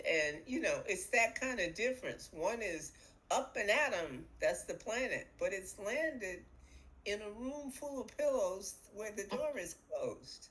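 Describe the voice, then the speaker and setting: Animated woman astrologer explaining. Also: on the low side, takes it slowly, rough recording. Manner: animated storyteller, uses vivid imagery. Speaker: astrologer co-host. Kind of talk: explanatory casual chat.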